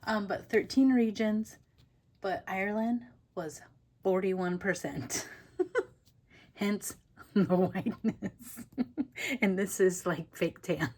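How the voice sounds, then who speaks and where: A woman's voice: medium pitch, takes it slowly, pauses often, darkish tone. A woman hosting a casual papercraft tutorial, chatty and rambling, often laughing between thoughts. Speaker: papercraft channel host. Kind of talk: casual crafting tutorial chat.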